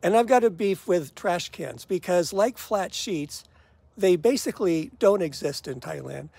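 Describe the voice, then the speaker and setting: Chatty older man, high-pitched and dry. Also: lively intonation, unhurried, gravelly, mellow, slightly rough, no echo. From United States. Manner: chatty, wry, laughs at his own gripes. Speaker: vlogger. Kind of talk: casual talk to camera.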